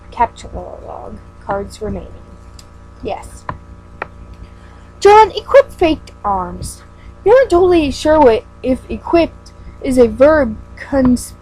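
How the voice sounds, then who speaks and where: A woman's voice: sits high, dark tone, a little hiss or hum, rough recording. A woman giving a casual read-aloud of a webcomic. She stumbles over words and breaks off into self-mocking asides. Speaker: fan reader.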